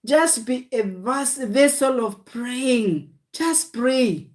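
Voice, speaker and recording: A woman's voice: on the high side, animated, drawn-out words, few pauses, a little mellow. A woman preaching a livestream sermon. She speaks in short, repeated exhortations and often calls her listeners "guys.". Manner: speaks in short declarations of faith.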